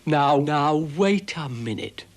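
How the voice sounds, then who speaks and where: Pompous grumpy storybook dog, British, slow and lofty, man voicing. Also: on the high side, animated. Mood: exasperated. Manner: pompous, exasperated. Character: grumpy pompous male dog, self-important.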